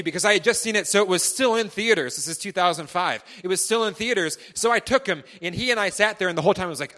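A man preaching a personal testimony to a congregation, earnest and impassioned, swinging between loud, fervent stretches and hushed ones. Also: a little high, fast talker.

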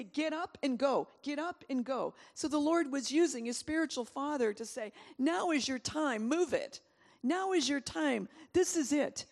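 Female preacher, animated storyteller, slightly high, gravelly, long hall echo. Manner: animated storytelling with frequent asides and laughs. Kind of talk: sermon.

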